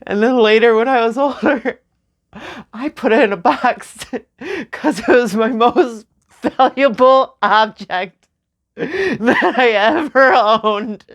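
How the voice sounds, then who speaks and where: A young woman speaking slowly and tearfully in a personal memorial vlog, with soft nervous laughs. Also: fairly high pitch. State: crying. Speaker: vlogger.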